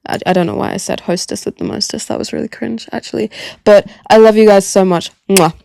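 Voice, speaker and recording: A young woman from Gambia hosting her own podcast, chatting casually in a rambling, self-mocking way, her throat sore and voice going hoarse. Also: medium pitch, fairly even intonation, fast talker, warm tone, slight background noise. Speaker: podcast host. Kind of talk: casual solo chat. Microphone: podcast microphone.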